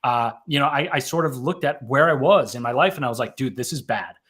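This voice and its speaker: A man's voice: medium pitch, quick pace, a bit bright. A man in his thirties, an author and mental health advocate, telling his story in a casual interview, rambling and correcting himself with frequent "right?" tags.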